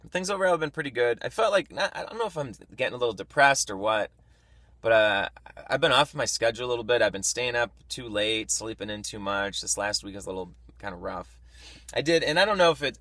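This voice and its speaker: Travelling on the road, a male vlogger records a casual video diary on his camera mic, speaking frankly about his week, venting anger, swearing, and often restarting his sentences. His voice sits on the low side and sounds bright and forceful, with no room sound.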